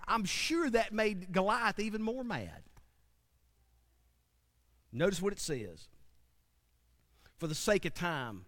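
A man preaching a sermon, animated and dramatic, swinging from loud bursts to hushed lines. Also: high voice, takes it slowly, long pauses. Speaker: pastor.

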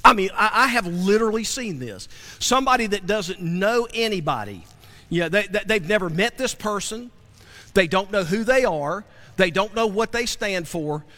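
A man's voice: sits high, fairly bright tone, in a large hall. A man preaching as a pastor, praying and then teaching with repeated phrases and rhetorical questions to the congregation. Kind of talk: sermon with opening prayer. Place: church sanctuary.

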